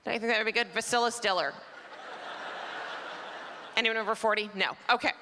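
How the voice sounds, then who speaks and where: Her voice a little high and steady, a Canadian woman in her forties moves fairly quickly through a chatty, self-mocking stand-up set, teasing the audience from a theater stage. Faint crowd noise and long hall reverb fill the live recording.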